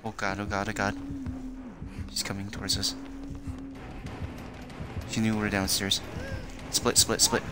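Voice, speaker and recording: A man streaming a horror game with live commentary, excitable, swearing and yelling in panic. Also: lowish voice, a little slow, long pauses, music in the background. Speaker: gameplay streamer.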